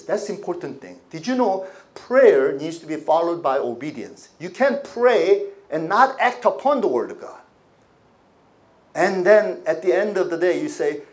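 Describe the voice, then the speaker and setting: A man preaching a sermon as pastor, with animated delivery and congregation call-and-response. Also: a little high.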